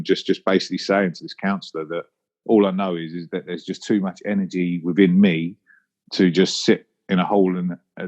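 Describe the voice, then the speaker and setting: A London man with a Cockney accent hosts a solo podcast, reflectively telling personal stories in a casual monologue. His voice is low and darkish, and the highs are cut off.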